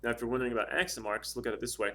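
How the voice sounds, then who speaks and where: Talking very fast in a steady, fairly bright mid-range voice, a man explains Spanish grammar casually in a classroom style. He's patient, going through examples one at a time and saying um and uh often.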